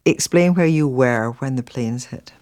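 A man interviewing guests, asking his questions in a calm, direct way. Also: mid-range voice, a little slow, no echo, clean studio sound.

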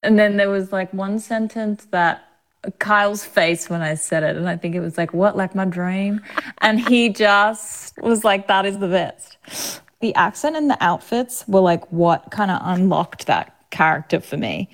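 A woman's voice: mid-range voice, normal speed. An Australian woman, an actress, chatting casually in an interview, full of fillers and laughter. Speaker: actor guest.

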